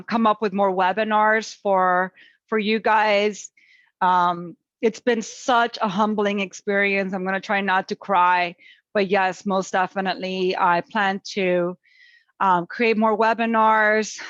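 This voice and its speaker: A woman's voice: medium pitch, a bit bright, no room sound, highs cut off. A woman presenting an online webinar on parenting and resilience, talking in an encouraging, chatty way with many fillers.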